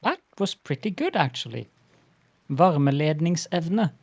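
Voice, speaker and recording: A man speaks in a dry, patient way. His voice has a gravelly fry to it. He talks over a voice chat mic. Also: medium pitch, normal speed, dry recording. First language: Norwegian. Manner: dry, patient, coaching pronunciation. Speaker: guest in voice chat.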